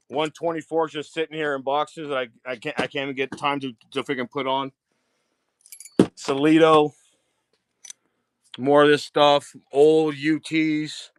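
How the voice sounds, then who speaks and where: Excitable man touring his diecast stock. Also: on the high side, a little slow, long pauses, clear, resonant tone, dry recording. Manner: excitable, swears freely, repeats himself. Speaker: diecast seller giving a tour. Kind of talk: casual live-stream walkthrough. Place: home storage rooms and outdoors at night.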